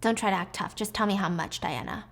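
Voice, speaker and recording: A woman doing a pushy, scornful rich mother near forty, medium pitch, impatient, looking down on others, read within a drama recap. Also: fast, a bit bright. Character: wealthy arrogant mother around forty.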